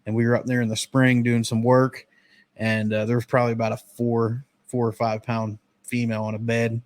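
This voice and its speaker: A man in his thirties from the northern United States, telling relaxed childhood stories in a casual podcast talk. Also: mid-range voice. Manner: relaxed storytelling, drawn-out memories. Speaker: podcast host.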